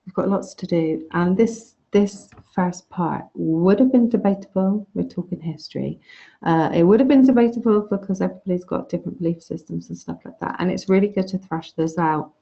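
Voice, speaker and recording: A woman's voice: on the low side, gravelly, mellow. A woman teaching an online course over a video call, chatty and frank, often restarting her phrases. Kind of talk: casual online lecture. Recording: dull lo-fi video call audio.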